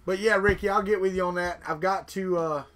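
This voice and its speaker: A man's voice: high-pitched, fairly even intonation, fairly quick, fairly bright tone. A man hosting a casual livestream, chatting and joking with viewers as he reads their comments aloud. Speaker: livestream host. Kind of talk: casual live chat with viewers.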